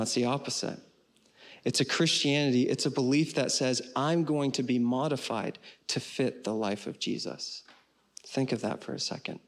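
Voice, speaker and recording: A man pastor preaching a sermon in an earnest way, slowing down on key phrases and closing with a prayer. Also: mid-range voice. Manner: earnest, slows for emphasis and ends with prayer.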